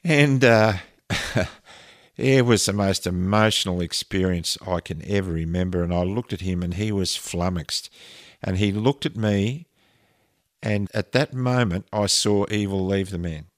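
A man with a very low, deep voice tells a deeply personal story, earnest and emotional, often restarting his sentences. The sound is dry and close, with no room around him. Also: unhurried, no echo. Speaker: interview guest. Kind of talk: personal story told in conversation.

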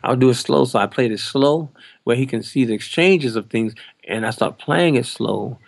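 Gravelly older guy, 60s drummer telling a story, acts out the voices, dry close sound. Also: medium pitch, normal speed, dry recording. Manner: animated, acts out quoted voices. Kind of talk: anecdotal storytelling.

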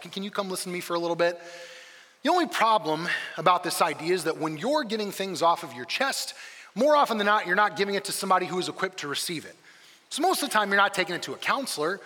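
A man preaching a sermon as a campus pastor, telling the story in a lively way and acting out the quoted lines. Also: high-pitched, in a large hall.

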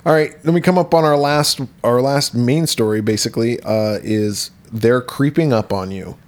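A man's voice: mid-range voice, moderate pace. A man co-hosting a podcast, casually retelling a horror film's plot and swearing freely. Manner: relaxed, swears freely, retells plots with quoted voices. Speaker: podcast co-host. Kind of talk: casual film discussion.

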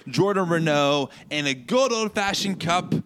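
Theatrical high-voiced male podcast host. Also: animated, a little slow, background noise. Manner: mock-sobbing, theatrical fake crying. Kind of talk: comedic podcast banter.

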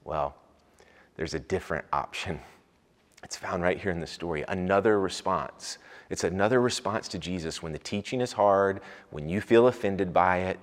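A man preaching a sermon as a pastor, rising to loud emphatic peaks and dropping back low. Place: church sanctuary. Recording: long hall reverb.

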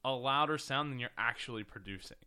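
A man's voice: medium pitch, a little fast, bright, forceful tone, clear, resonant tone. A man hosting a podcast, chatting casually during a mic check and often repeating words as he searches for them. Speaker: podcast host. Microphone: podcast microphone.

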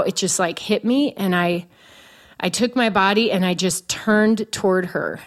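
A woman's voice: medium pitch, unhurried. A woman in her forties telling a personal story to a host. She is candid and self-mocking and laughs along the way. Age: 40s. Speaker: guest.

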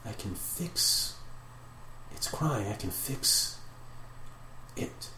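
A man voicing a dying spirit of light and dark. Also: lowish voice, animated, very slow, echoey room, slight background noise, exaggerated voice. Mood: sorrowful. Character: dying ball of light and dark energy, sexless, sorrowful.

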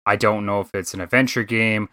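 Casual gaming-show host, male, Canadian accent, bright dry voice, rambling and swearing. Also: fairly low pitch, fairly even intonation, a little fast, no room sound. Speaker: podcast host.

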